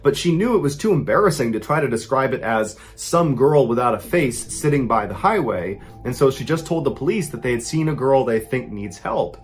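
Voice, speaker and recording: Male host telling a scary tale, hushed-to-excited swings, animated pitch. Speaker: storyteller host. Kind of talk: true scary story narration.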